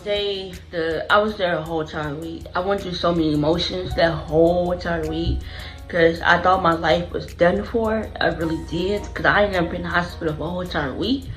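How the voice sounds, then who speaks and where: In a rough recording, a woman with a fairly low-pitched voice tells her own story to camera. She's an earnest, emotional vlogger who goes back over phrases as memories come to her.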